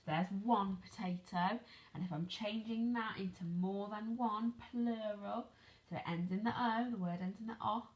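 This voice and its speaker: A woman teaching an online phonics lesson to young children, speaking slowly and clearly, asking questions and spelling words out letter by letter. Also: medium pitch. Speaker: primary school teacher.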